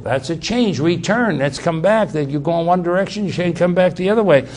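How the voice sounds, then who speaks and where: A man preaching a sermon. He repeats key words for emphasis, restarts his sentences, and swings between loud emphatic passages and quiet asides. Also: high-pitched, expressive, normal speed, few pauses.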